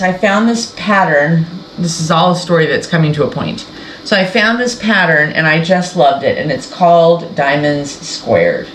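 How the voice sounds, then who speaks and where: A woman hosting a sewing channel, chatting casually and rambling as she shows her quilting project. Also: deep voice. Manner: rambling, self-interrupting, chatty. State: tearful, emotional. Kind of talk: casual sewing vlog chat. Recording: echoey room with faint background noise.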